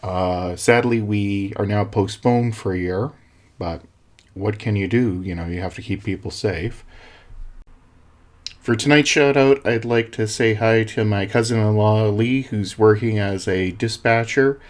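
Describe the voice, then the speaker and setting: A man casually tells a fable to his viewers in a relaxed, gentle way. His voice sits a little low. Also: unhurried. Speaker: storyteller. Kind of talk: casual storytelling.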